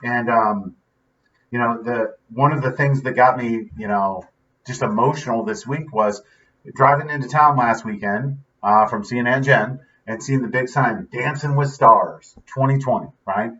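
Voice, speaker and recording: A man's voice: mid-range voice, unhurried, bright, forceful tone. A man hosting a vlog, talking earnestly and in a rambling, casual way, often tagging his sentences with "right?". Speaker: vlog host. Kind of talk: casual motivational talk. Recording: dull audio from a distance.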